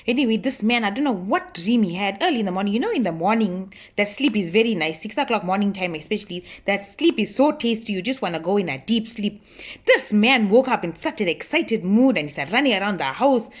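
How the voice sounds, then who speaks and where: A chatty, scolding older auntie, put on by a woman in a comic sketch, talking straight to her viewers. She gossips and grumbles about her husband in a lively, nosy way, with a middle-pitched voice. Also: a little fast, lightly acted. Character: bossy older auntie, long-married, scolding lazy husband. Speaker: comedy sketch character. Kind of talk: comic monologue to camera.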